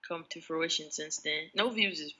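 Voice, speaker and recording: A podcast co-host in casual chat, telling a travel story in a relaxed way. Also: medium pitch, normal speed, low-quality recording.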